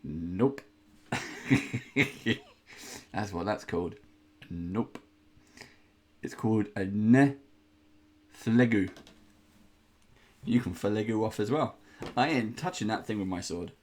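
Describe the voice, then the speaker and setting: A man's voice: on the low side, animated, slow, long pauses, darkish tone. A man hosting a casual unboxing indoors, chatty and rambling, with playful groans of disgust. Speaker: host unboxing miniatures.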